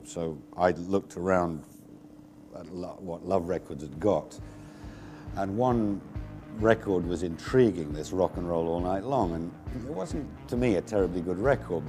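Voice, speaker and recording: A man, a record producer, recalling past events in a relaxed, rambling interview with many fillers. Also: deep voice. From England. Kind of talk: interview recollection.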